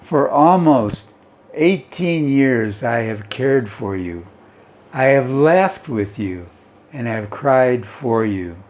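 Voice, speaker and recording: A gentle, loving middle-aged mother from a storybook, as a man reads her lines aloud. She speaks softly and sweetly, pleading at a slow, unhurried pace in an ordinary mid-range voice. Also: mid-range voice, expressive. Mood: tender pleading.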